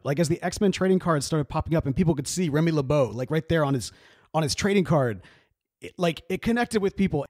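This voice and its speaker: A video creator in his thirties who grew up in Mississippi, in the American South, reacts to a cartoon episode in a casual monologue. His voice is a little high and darkish, recorded dry with clean studio sound, and he is earnest, emotional, and rambling, with many asides.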